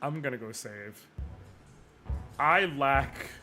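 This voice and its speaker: A man's voice: medium pitch, lively intonation, slow pace, pushed and bright. A man making offhand, wry asides while playing a video game on stream. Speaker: gaming streamer. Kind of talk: casual gameplay commentary. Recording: music behind the voice.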